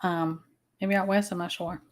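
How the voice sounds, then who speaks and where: With a lowish voice, fairly even intonation and a moderate pace, a woman from the American South hosts a casual livestream chat. Her talk rambles, with fillers and restarts throughout.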